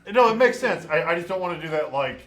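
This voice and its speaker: A man's voice: on the high side, lively intonation, fast talker, a bit bright, reverberant. A man co-hosting a casual live-streamed talk show, rambling with fillers and emphatic opinions. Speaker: podcast co-host. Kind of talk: casual chat.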